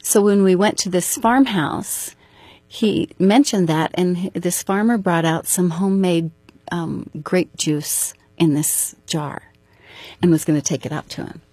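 A middle-aged woman with a slightly low, husky voice tells a personal story as an interview guest. She goes through the events earnestly, step by step. The sound is dry and close. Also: unhurried, darkish tone, dry recording.

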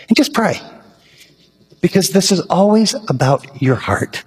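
A man's voice: sits high, lively intonation, measured pace, pauses often, darkish tone, breathy edge. A man preaching a sermon as a pastor, earnest and emphatic, building to urgent rising questions, in a church hall. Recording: echoey hall reverb.

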